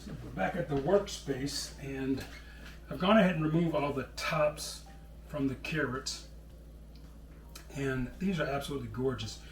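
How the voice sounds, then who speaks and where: A middle-aged man chats his way through a home cooking demonstration, folksy and relaxed. His voice sits in an ordinary middle range and is picked up from a little way off the mic in a roomy kitchen with some echo. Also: medium pitch, measured pace, pauses often, far from the mic, very noisy. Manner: chatty, folksy, calls people brother. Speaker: cooking show host.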